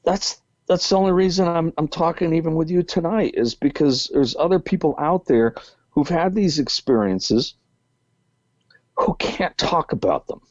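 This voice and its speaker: Rambling man with a lively voice. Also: on the high side, moderate pace, no echo. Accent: New England. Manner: rambling, full of restarts and acted-out quotes. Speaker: podcast guest. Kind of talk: storytelling interview. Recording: muffled lo-fi call audio.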